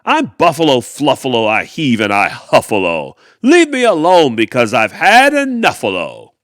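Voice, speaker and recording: A man voicing a grumpy, huffy male buffalo in a rhyming storybook read-aloud, loud and blustery. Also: medium pitch, wildly swooping pitch, normal speed, no echo, clean studio sound.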